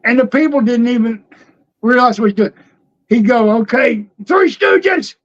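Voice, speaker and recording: Slightly slow and extremely high-pitched, with the highs cut off, an older former wrestler shares road stories on a podcast. He tells them casually, laughing often and acting out the characters he quotes.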